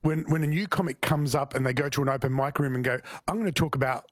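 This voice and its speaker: A man's voice: medium pitch, steady tone, fast, no room sound, clean studio sound. A man, a comedian guest chatting casually on a radio show, often repeating words as he starts a thought.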